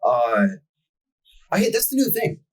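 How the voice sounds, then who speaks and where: A young man with a husky voice, cursing freely while he rants through a story in casual podcast chat. He talks like a podcast co-host venting to a friend. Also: very high voice, wildly swooping pitch, unhurried, rough recording. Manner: profane ranting storyteller.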